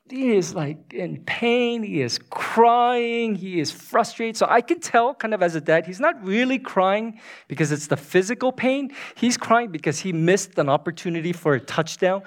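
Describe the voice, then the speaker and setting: A male preacher in his thirties with a voice pitched a bit high. He tells stories in his sermon, and he laughs as he goes. He drops to a near hush, then builds to loud, excited bursts. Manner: animated storyteller, swings from hushed to loud; laughs through his anecdotes. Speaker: pastor. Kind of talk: sermon with personal story.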